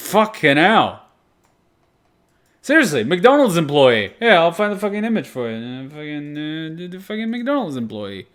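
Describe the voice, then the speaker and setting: A young man hosting an anime reaction video, chatting casually with plenty of swearing and sudden loud outbursts. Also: fairly high pitch, moderate pace. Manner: profane, animated, breaks into loud outbursts.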